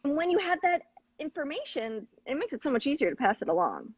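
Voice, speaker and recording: A woman's voice: sits high, sing-song, fast talker, no echo, poor audio. A woman host explaining techniques in an earnest, coaching tone. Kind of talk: conversational teaching.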